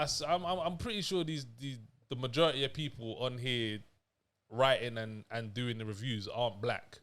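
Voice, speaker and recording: A man co-hosting a casual podcast chat, talking in animated bursts with stumbling restarts. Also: medium pitch. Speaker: podcast co-host.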